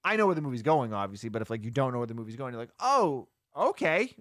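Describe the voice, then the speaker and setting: A man's voice: medium pitch, rapid-fire, no echo. Rambling man recapping a movie, dry mic. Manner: rambling, full of "like" and restarts, animated retelling. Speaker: podcast co-host. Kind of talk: casual chat, recapping a movie.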